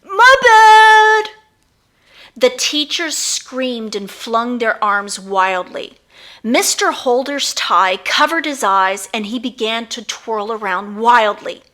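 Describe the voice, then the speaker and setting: A woman's voice: on the high side, slow pace. A woman narrating her own children's book as an audiobook, reading expressively. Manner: expressive storytelling.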